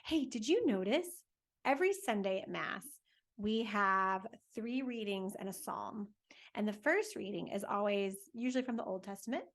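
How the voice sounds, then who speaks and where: A woman hosting a faith lesson for families, telling a Bible story to children in a lively, conversational way and asking her listeners questions as she goes. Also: mid-range voice, normal speed. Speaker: catechist host for families.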